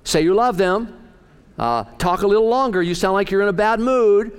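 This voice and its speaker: A man's voice: high-pitched, expressive, moderate pace, smooth, voice pushed up. A man imitating his wife in a raised voice as she fusses and nags him to be nicer. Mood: nagging. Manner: nagging, instructing. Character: fussing wife giving constant advice.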